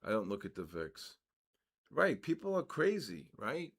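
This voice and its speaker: A man's voice: on the low side, wildly swooping pitch, a little slow, fairly bright tone. Chatty older man hosting a trading stream. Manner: chatty, talks to chat viewers by name, repeats "okay" and "so basically"; plainly exasperated by rude comments, rising and complaining. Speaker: trading livestream host. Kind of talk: live trading session chat.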